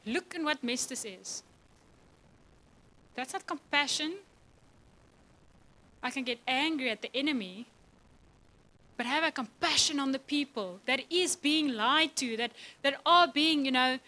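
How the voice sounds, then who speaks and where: A woman's voice: high-pitched, measured pace, pauses often, pushed and bright, a little hiss or hum, rough recording. A woman preaching a passionate, emotional sermon to a church, often laughing and voicing God's words.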